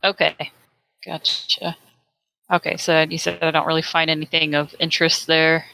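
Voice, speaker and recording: Bright-voiced woman calling her moves. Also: deep voice, completely flat delivery, moderate pace, vocal fry, a little hiss or hum. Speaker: player. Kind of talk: tabletop game play.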